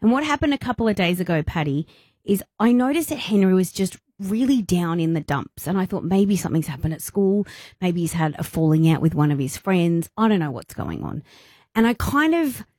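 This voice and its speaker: An Australian woman in her thirties co-hosting breakfast radio, chatting and telling stories in an animated way. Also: lowish voice, brisk, no echo, studio quality. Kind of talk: casual radio chat. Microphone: studio microphone.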